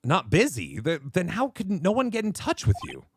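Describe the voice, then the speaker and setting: A man's voice: sits high, wildly swooping pitch, normal speed, a little hiss or hum, pitched above the performer's own voice, exaggerated voice. A man voicing a nervous, earnest young male defense lawyer who stammers. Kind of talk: streamer voicing game dialogue.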